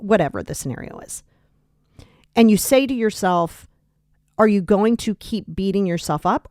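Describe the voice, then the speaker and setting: A woman's voice: mid-range voice, darkish tone, dry recording, clean studio sound. A woman hosting a self-help podcast, talking bluntly and emphatically, swearing casually as she coaches listeners. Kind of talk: motivational self-help talk.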